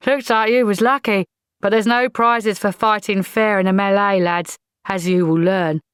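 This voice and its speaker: A woman doing a gruff bellowing army sergeant. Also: medium pitch, steady tone, moderate pace, no echo, studio quality, voice pushed up, close to an everyday voice. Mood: commanding. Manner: barking orders, bluff and commanding.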